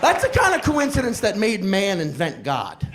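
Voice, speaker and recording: A young man telling a stand-up comedy story, animated and acting out characters with shouted outbursts, recorded live with a laughing audience. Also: high voice, moderate pace, very noisy. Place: comedy club stage. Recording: live club with crowd laughter.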